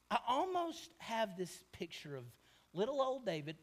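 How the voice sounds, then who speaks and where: A man preaching a sermon, animated, swinging from shouting to hushed tones and acting out the people in the story. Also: extremely high pitch, slow pace. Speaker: pastor.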